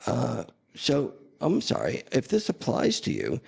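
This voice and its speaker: A man's voice: mid-range voice, huge pitch swings, measured pace, vocal fry, darkish tone, slightly rough. A man hosting a casual chat, talking in a blunt, sarcastic, rambling way. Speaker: host.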